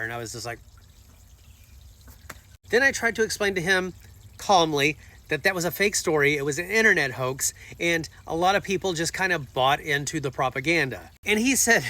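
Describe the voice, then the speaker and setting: Bright-voiced man telling an exasperated story. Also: a little high, lively intonation, a little fast. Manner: exasperated, sarcastic retelling. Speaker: vlogger. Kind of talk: casual storytelling to camera.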